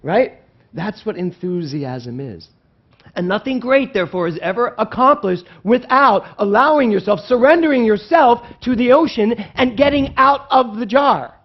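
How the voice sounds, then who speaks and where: Animated male minister preaching. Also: very high-pitched, normal speed, dull audio. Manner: animated preaching, swinging between loud and hushed; asks the congregation questions. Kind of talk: sermon. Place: church sanctuary.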